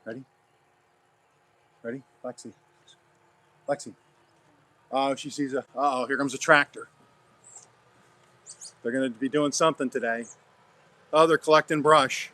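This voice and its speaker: A man's voice: mid-range voice, fairly even intonation, a little slow, pauses often, pushed and bright. Man, middle-range voice, folksy, rambling, outdoor gardening chat. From Oklahoma. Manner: folksy, rambling, chats to his dog. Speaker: gardening vlogger. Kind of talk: casual chat while gardening.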